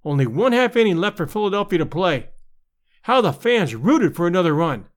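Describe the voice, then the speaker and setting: Male audiobook narrator, high and animated delivery, dramatic period sports tale. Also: fairly quick. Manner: lively, expressive storytelling with voiced crowd shouts.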